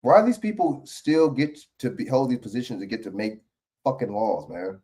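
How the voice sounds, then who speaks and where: A man's voice: medium pitch, lively intonation, moderate pace, warm tone, breathy edge. A man giving heated, profane reaction commentary on a political video clip.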